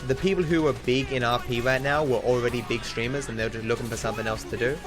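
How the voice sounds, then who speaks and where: Speaking quickly in a steady, mid-range voice, a young Australian man chats while gaming on stream. He rambles, shares candid views, and restarts often, with game music behind him.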